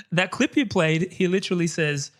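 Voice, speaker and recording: A man guesting on a podcast, chatting casually about films in an animated, opinionated way and laughing often. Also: high-pitched. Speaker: podcast guest, co-host of another podcast. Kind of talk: casual film chat.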